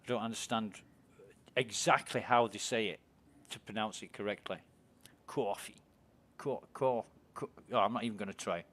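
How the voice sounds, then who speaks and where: A brisk English streamer with a fairly low, pushed, bright voice and fairly even intonation chats loosely over his game. He rambles through stories, swears a lot and laughs easily.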